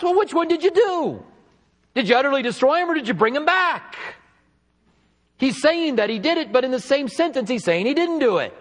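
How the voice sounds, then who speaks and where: Man, preacher, high lively voice, sermon, long hall reverb. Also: fairly quick. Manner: animated, acts out quoted speakers. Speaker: pastor.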